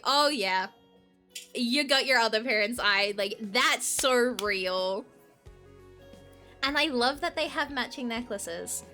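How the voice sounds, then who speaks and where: A woman's voice: on the high side, pushed and bright. A young woman streaming a game, gushing and rambling with many filler words as she comments and reads aloud.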